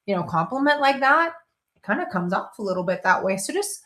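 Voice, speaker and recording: A woman's voice: mid-range voice, big pitch swings, brisk, fairly bright tone. Chatty woman giving a motivational talk. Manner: conversational, with self-interrupting restarts and playful quoted voices. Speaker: host.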